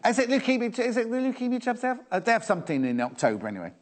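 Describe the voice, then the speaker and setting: Chatty, lively male shopping presenter. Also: fairly high pitch, fast. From England. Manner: chatty, fussing aloud, reading out viewer messages. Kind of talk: live sewing shopping TV chat. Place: TV studio.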